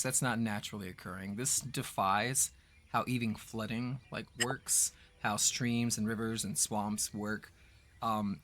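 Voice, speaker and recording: A man running a tabletop game as game master, who narrates in a relaxed, rambling way with lots of fillers. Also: medium pitch.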